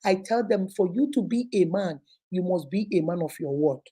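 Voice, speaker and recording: A middle-aged woman with a Nigerian accent gives motivational life advice to camera in an animated, preachy way, acting out the people she quotes. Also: fairly low pitch, moderate pace, breathy edge, low-quality recording. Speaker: vlogger giving life advice.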